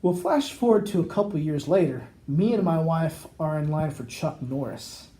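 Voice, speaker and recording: At a normal speed, a man with a slightly high voice co-hosts a chatty podcast. He meanders through a long story, bringing its characters to life with animated, acted-out lines.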